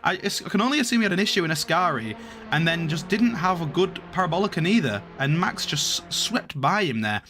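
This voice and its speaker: A man commentates an online race in a bright, slightly raised voice. He calls positions briskly and jumps at any sign of chaos. Soft music plays underneath. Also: a little high. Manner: excitable, calls positions quickly. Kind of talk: sim racing commentary.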